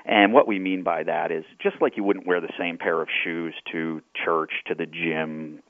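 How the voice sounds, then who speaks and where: Deep-voiced man on a tinny phone line. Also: steady tone, normal speed, no room sound. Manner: friendly, explanatory, uses fillers. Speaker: radio guest, holster company representative. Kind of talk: phone-in interview. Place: Phoenix, Arizona.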